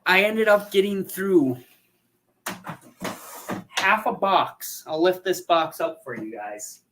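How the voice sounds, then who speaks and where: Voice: mid-range voice, lively intonation, slow, fairly bright tone, slight background noise. A photographer hosting a casual livestream, chatting and reading out viewer comments.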